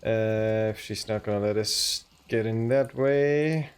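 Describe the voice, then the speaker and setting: A man's voice: fairly low pitch, slow pace, clear, resonant tone. A man with a cold chatting casually while playing a video game, thinking aloud as he goes. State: has a cold. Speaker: gaming channel host. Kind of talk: casual let's-play commentary.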